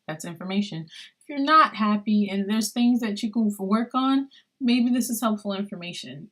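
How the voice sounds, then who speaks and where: Woman podcaster, casual solo chat, lower-pitched voice, rambling with fillers. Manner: conversational, many fillers, animated retelling of dialogue. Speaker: podcast host.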